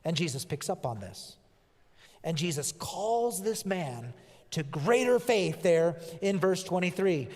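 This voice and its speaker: A male pastor delivers an earnest sermon, his voice sitting high for a man. He slows down and leans on key phrases, repeating them for weight. The sound rings out with the long reverb of a church sanctuary. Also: expressive, darkish tone. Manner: earnest, emphatic preaching with slow, stressed phrases and repetition.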